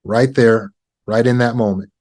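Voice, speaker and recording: A man coaching on trauma recovery, teaching negotiation skills in a calm, measured way with deliberate pauses. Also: mid-range voice.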